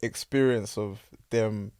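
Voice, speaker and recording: British host, lowish voice, dry close mic, easygoing interviewer. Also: male voice, fairly even intonation, slow, a little mellow, smooth, no echo. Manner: encouraging, frequent yeahs, loose rambling questions. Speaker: podcast host. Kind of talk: casual podcast interview. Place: podcast studio.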